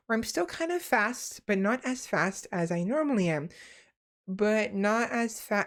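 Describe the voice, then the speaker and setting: A young woman streaming as a VTuber, a naturally fast talker consciously slowing down to enunciate, often sighing and laughing softly between phrases. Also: fairly high pitch, expressive. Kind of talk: casual stream chat.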